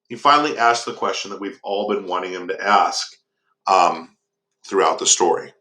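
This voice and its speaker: Bright-voiced man talking through a lesson. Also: deep voice, normal speed. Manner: rambling, with frequent fillers and restarts. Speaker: teacher. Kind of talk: casual lesson summarizing a novel.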